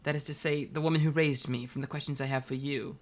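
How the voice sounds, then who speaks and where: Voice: mid-range voice, fairly even intonation, quick pace, lightly acted. A reader voicing an articulate, dry-witted teenage girl who talks in elaborate phrases. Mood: wry. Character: verbose wry teen girl, articulate and dry. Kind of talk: reading comic dialogue aloud.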